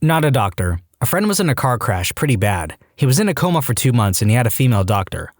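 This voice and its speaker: A man's voice: mid-range voice, fast talker, dry recording, studio quality. A man narrating online stories in a scripted way, acting out the quoted lines in different voices. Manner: lively, acts out quoted lines in shifting voices.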